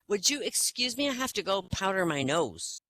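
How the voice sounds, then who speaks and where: A man voicing a polite little boy in a high, prim voice. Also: sing-song, moderate pace, pushed and bright, a little hiss or hum, full character voice, rough recording.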